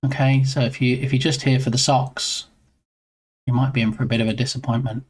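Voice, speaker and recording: A man's voice: mid-range voice, little pitch movement, a little fast, husky. A man streaming live and chatting casually with his viewers in a rambling way, greeting them by name.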